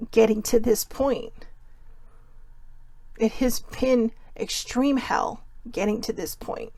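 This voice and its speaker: A woman's voice: on the high side, a little mellow, no echo. A woman hosting a live self-care talk, speaking earnestly and repeating herself for emphasis, tearful at times. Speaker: host.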